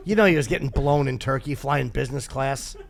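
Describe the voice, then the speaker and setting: A man's voice: medium pitch, brisk, vocal fry. A man hosting a podcast, telling rambling, self-deprecating stories in casual chat and laughing often. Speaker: podcast host.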